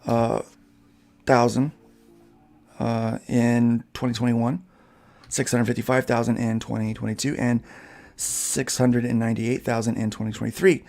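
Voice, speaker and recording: A man's voice: mid-range voice, little pitch movement, measured pace, gravelly, pauses often, a little mellow, soft background music. A man hosting a casual podcast, reading an article aloud and breaking in with his own asides. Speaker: podcast host.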